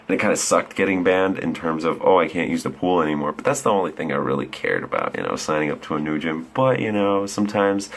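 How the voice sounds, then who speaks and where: Deep-voiced young man rambling casually. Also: vocal fry, a bit bright. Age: late teens. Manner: rambling, profane, laid-back. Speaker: vlogger. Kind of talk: casual storytelling.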